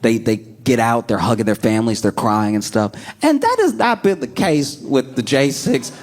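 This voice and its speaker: A man performing a stand-up comedy set, telling stories animatedly and slipping into quick voices. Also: mid-range voice, very animated.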